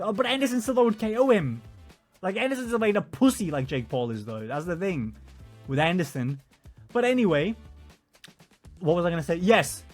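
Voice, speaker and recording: A young man venting in a heated, profane casual rant, his loudness swinging from mutters to shouts. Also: sits high, lively intonation, brisk, pauses often, soft background music. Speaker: vlogger.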